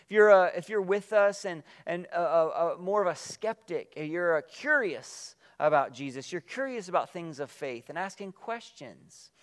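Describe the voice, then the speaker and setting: An earnest male pastor delivering a sermon in a slightly higher-than-usual voice. He reads scripture aloud with quiet emphasis and lets his phrases fall away softly and slowly. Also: lively intonation. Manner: earnest, reflective, with slow emphatic drops at phrase ends.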